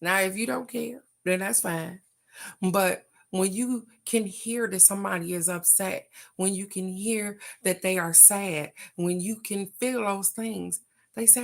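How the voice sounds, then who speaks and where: Gravelly older woman chatting folksily. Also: mid-range voice. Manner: folksy, chatty, laughs often, drawn-out emphasis. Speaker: host. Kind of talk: casual card-reading chat.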